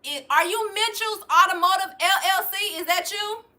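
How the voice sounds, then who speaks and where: A woman, hosting a livestream, reading out chat comments and loudly mocking trolls, cursing freely. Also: extremely high pitch, moderate pace. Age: 40s. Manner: loud, profane and mocking, calling out trolls. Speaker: livestream host.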